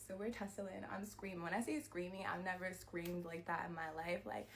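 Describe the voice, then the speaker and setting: A woman telling a personal story to her viewers in a storytime vlog, animated and peppered with "like" and swearing. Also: on the low side, normal speed, noisy background. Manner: animated retelling, heavy use of "like", frequent swearing. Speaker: vlogger.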